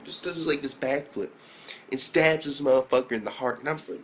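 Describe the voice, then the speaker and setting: A man giving a casual anime episode review, swearing constantly and rambling through fillers, sometimes jumping into excited reactions. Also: fairly quick. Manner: profane, loose storytelling full of fillers; jumps to excited high-pitched reactions.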